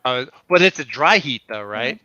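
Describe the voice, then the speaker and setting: A man's voice: medium pitch, animated, normal speed, sharp tone, lo-fi sound. A chatty man with a light Southern US accent, from Louisiana, chatting casually on an online call. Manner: chatty, laughs often. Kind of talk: casual chat.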